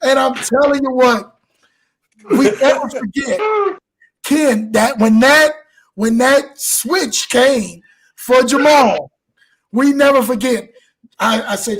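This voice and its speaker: A man hosting a live show, talking in an animated, preacher-like way and blessing his audience. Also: extremely high pitch, slow, long pauses, crowd noise, low-quality recording. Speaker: show host. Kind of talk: exuberant live show wrap-up.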